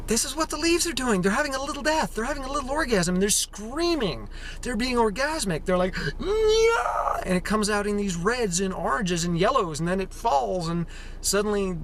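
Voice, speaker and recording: A man's voice: sits high, a bit bright, a little hiss or hum. A man hosting his own vlog outdoors, talking in a playful, theatrical way and acting out other people's voices. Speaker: vlog host, raw-food runner. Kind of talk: casual outdoor vlog monologue. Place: outdoors among autumn trees.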